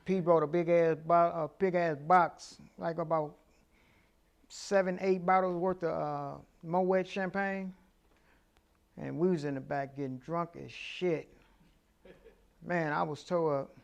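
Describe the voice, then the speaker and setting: A comedian in his fifties telling stories in a casual interview, lively and profane. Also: a little high, slow, creaky, long pauses. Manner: animated, profane storyteller. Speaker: comedian guest.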